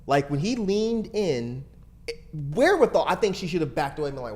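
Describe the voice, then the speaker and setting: A man's voice: fairly high pitch, fairly quick. A man casually telling a story on a podcast, acting out the lines people said and swearing freely. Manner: animated, acts out quoted lines, swears freely. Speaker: podcast co-host.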